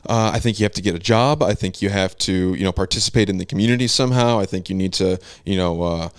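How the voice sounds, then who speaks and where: A man hosting a casual comedy podcast, talking in a deadpan, provocative way. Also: low-pitched, fast talker, smooth, no room sound. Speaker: host.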